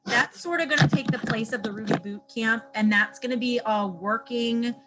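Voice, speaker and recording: A woman's voice: on the high side, moderate pace, bright, forceful tone, a little hiss or hum, rough recording. A woman hosting a group video call, chatting loosely and often correcting herself. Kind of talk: casual chat on a video call.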